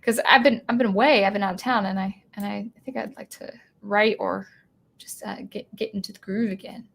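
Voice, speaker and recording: A woman's voice: mid-range voice, steady tone, fairly quick, creaky. A woman hosting a live stream about music, talking casually and rambling with many restarts while reading out viewer comments. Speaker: music channel host.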